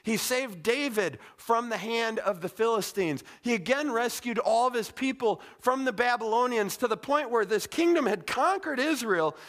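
A man with a notably high-pitched voice delivers a sermon. He talks like he's chatting with the congregation, animated and casual, tossing in little asides. He sounds middle-aged. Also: normal speed, hardly any pauses. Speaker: pastor.

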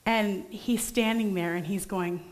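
A young woman preaching a sermon, telling a story from her own family life in a lively, animated way and acting out the voices in it. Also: medium pitch, unhurried. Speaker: pastor.

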